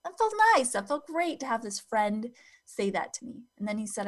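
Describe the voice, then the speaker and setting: A middle-aged woman sharing a personal story with her audience as a self-development coach. Her voice sits at an ordinary pitch for a woman. She speaks earnestly and from the heart, easing into slow, hushed phrasing at the tender moments. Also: expressive. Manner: earnest and heartfelt, slowing down and going soft and quiet at tender moments.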